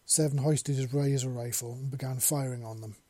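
Husky-voiced man reading a story. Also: medium pitch, fairly quick, no echo. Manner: plain steady reading with small slips. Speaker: narrator. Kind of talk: reading fan fiction aloud.

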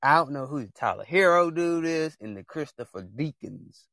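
A man's voice: fairly high pitch, expressive, moderate pace, bright, forceful tone, dry recording. Young man, AAVE speech, podcast host, passionate rambling advice, dry close sound. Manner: passionate, rambling, talks straight to viewers. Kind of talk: casual chat, preachy advice.

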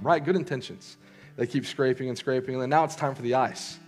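A man's voice: medium pitch, steady tone, fairly quick, soft background music. A young man, preaching a casual sermon as he tells a story, with lots of fillers and restarts. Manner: conversational, lots of fillers and restarts, voices characters in quotes. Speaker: youth preacher.

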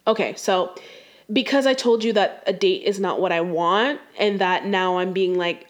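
A woman's voice: mid-range voice, expressive, a little slow. Exasperated young woman ranting casually. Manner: exasperated, slangy, talks straight to the viewer. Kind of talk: casual storytime rant.

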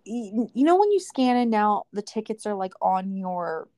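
Speaking at a normal speed, a woman with a warm, very animated mid-range voice comes through with no room sound. She co-hosts a podcast, chatting casually as she rants through stories, quotes people, and breaks into frequent laughter.

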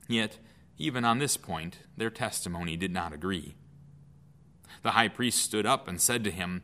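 Bright-voiced man reading scripture. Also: deep voice. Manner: measured, clear reading. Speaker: scripture reader.

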